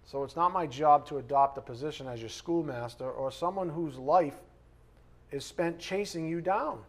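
A man's voice: fairly high pitch, moderate pace. Man preaching with emphatic swings. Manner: conversational, emphatic preaching, swings between loud stresses and soft asides. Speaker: pastor. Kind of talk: sermon.

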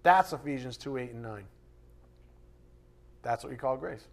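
A man's voice: mid-range voice, expressive, measured pace, gravelly. A male pastor preaching a sermon in a blunt, conversational way, with sarcastic asides.

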